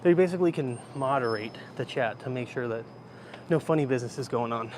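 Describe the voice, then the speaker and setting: Man in his thirties, casual streamer walking with a phone, loose rambling chat, mid-pitched, faint background hiss. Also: a little fast. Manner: chatty, rambling, answers chat as he goes. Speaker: live-streamer. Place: indoor library, then outdoor rooftop. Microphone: handheld phone.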